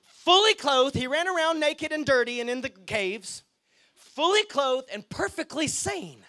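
A man preaching a lively sermon as pastor, often checking in with the congregation. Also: very high-pitched, unhurried. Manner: lively, chatty, asks the crowd okay and right.

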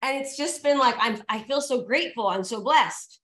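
A high-pitched woman coaching real estate agents at a seminar, all energy and emphasis. She hammers her key points home by repeating them and calling out to the crowd. Her voice rings through an echoey room. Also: normal speed, fairly bright tone. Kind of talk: motivational seminar talk.

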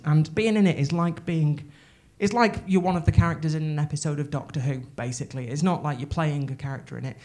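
A woman doing stand-up, telling a story in an excitable, sweary, rambling way full of restarts, on a comedy club stage with a handheld mic. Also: low-pitched, fast talker, few pauses.

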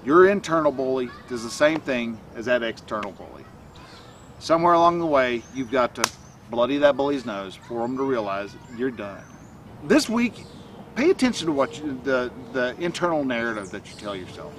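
A man's voice: mid-range voice, big pitch swings, normal speed, distant mic, a little hiss or hum. A man speaking casually to camera as a self-help coach, rambling and restarting often with many fillers. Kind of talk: casual motivational talk to camera.

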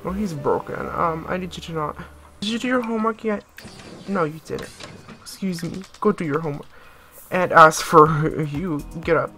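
A woman's voice: low-pitched, moderate pace, sharp tone, soft background music. A woman in her late teens giving casual, chatty let's-play commentary, bossing her game characters around and laughing often. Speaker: gaming YouTuber.

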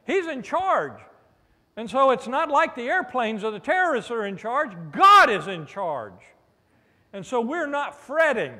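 High-voiced preacher in a reverberant hall. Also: male voice, big pitch swings, measured pace, sharp tone. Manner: preacherly, with call-and-response "amen?" and playful asides. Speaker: pastor. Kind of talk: sermon. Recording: long reverb of a large hall.

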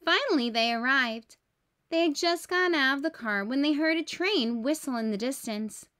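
A woman teacher reading a children's storybook aloud, clear and expressive. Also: sits high, normal speed.

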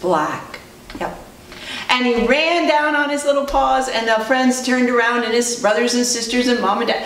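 Woman, preschool teacher, storytelling, animated, higher voice, far mic, faint noise. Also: normal speed. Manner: animated, asks children questions. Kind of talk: storytelling to children. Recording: roomy distant recording, faint noise.

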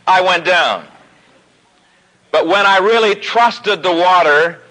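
A man preaching a sermon, telling a personal story with growing animation and pausing slowly on key points. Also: sharp tone, low-quality recording. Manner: storytelling, rising pitch as the story builds. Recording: old radio broadcast recording.

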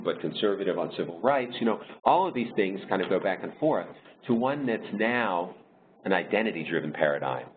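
A man presenting a webinar over slides, explaining in a measured way with frequent pauses and restarts. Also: fairly low pitch. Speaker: diversity consultant leading a webinar. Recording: tinny phone-like line with faint noise.

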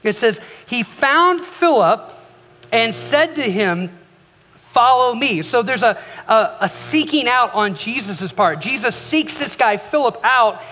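Male pastor, high voice, animated storytelling sermon; echoey sanctuary. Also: takes it slowly, a little hiss or hum. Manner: animated storyteller acting out quoted lines. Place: church sanctuary. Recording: echoey hall reverb.

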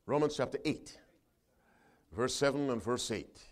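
A man preaching a sermon, reading scripture aloud with his congregation and calling for responses, loud and emphatic on the verses and quieter between them. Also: mid-range voice, expressive, a little slow.

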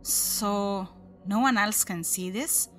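A woman's voice: mid-range voice, slow, fairly bright tone, faint music behind. A woman voicing a confused young man who turns defensive and swears when he is upset.

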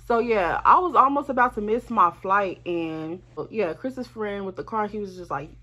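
A woman telling a storytime to her viewers in a lively, profane, chatty way, speaking straight to them. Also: medium pitch, normal speed. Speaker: vlogger. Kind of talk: casual storytime.

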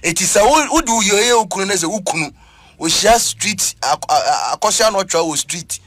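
Animated high-voiced Ghanaian preacher man. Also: fairly quick, no room sound. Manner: lively, emphatic, mixing Twi and English, preacherly. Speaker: preacher on a talk program. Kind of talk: animated church talk show discussion.

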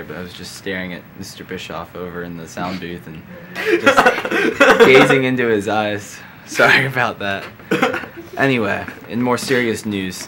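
A man's voice: lowish voice, sharp tone, slight background noise. A teenage boy anchoring a school news broadcast, mixing in joking, self-deprecating asides. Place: school sound booth.

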